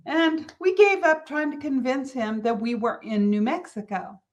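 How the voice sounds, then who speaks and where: A middle-aged woman from California hosts a motivational business podcast. Her voice sits high. She tells a family story with lively, animated energy and acts out the people she quotes. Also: moderate pace, few pauses. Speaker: podcast host.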